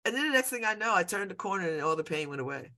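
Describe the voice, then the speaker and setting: A woman's voice: medium pitch, expressive, racing, sharp tone. A woman in her fifties hosting a show, chatting casually and rambling, often laughing and repeating herself. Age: 50s. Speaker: show host. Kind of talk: casual personal chat.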